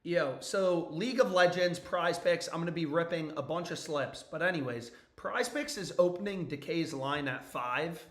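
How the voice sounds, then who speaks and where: A young man streaming from an echoey room at home, his voice hoarse and nearly gone. He sits a little high in pitch and chats loosely, throwing in "dude" and "bro" and the odd curse. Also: normal speed, few pauses, a bit bright. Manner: loose and profane, frequent "bro" and "dude" asides. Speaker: sports betting streamer. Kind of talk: casual live-stream chat.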